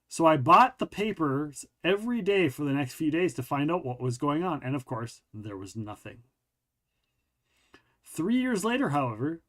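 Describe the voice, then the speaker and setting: Higher-voiced man hosting a casual podcast. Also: sing-song, moderate pace, fairly bright tone. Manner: stumbles and rereads while reading aloud. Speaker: podcast host. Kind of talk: casual chat and reading a news article aloud.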